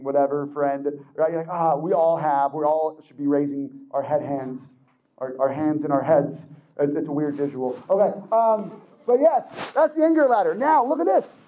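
A man with a high, soft-edged voice speaks to a young audience in an animated motivational talk. He jumps into quoted voices and laughs often as he explains. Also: rough recording. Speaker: speaker addressing teens.

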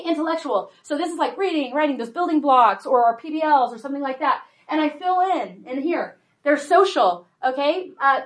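A woman in her forties giving a workshop talk to an audience on homeschooling, chatty and full of "like", "right?" and "okay?". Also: sits high. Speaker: homeschool presenter.

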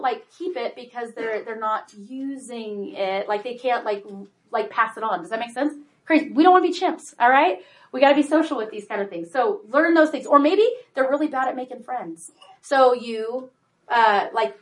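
A woman's voice: a little high, lively intonation, moderate pace. A woman in her forties giving a workshop talk to an audience on homeschooling, chatty and full of "like", "right?" and "okay?". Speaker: homeschool presenter.

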